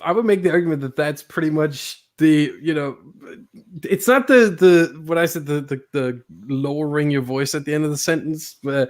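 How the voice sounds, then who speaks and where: A non-British man with a voice on the high side, speaking at a moderate pace, hosts a casual podcast and works as a sim racing commentator. He discusses commentary in a playful, teasing way and laughs often.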